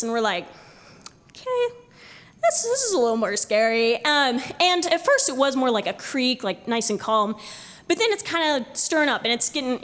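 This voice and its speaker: A young woman telling a true story live on stage to an audience, animated and laughing often as she acts out what people said. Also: a little high. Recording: live hall recording with long reverb.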